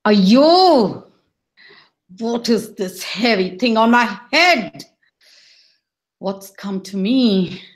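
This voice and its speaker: A woman's voice: on the high side, very animated, slow, echoey room, exaggerated voice. A woman voicing a proud young man, angry and humiliated, in an exclaiming, self-pitying manner. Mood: indignant.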